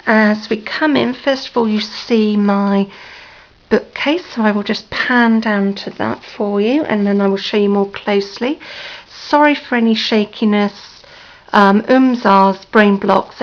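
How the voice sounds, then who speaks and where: A woman with a hoarse, sore-throated voice gives a slow, hesitant, apologetic tour of her room, with many ums. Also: medium pitch. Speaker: crafting vlogger. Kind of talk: casual room tour vlog. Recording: dull lo-fi home video with faint noise.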